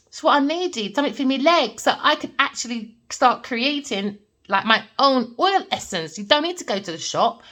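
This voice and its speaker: A woman's voice: high voice, normal speed. Emphatic woman reading tarot. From Jamaican family background. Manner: animated, emphatic, repeats points with "all right?". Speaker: tarot reader. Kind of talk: casual storytelling and tarot reading.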